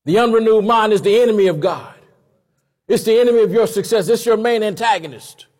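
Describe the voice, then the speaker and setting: Preacher guy, kinda high husky voice, chatty and lively sermon. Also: a little fast, in a large hall. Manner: conversational, animated preaching. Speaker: pastor.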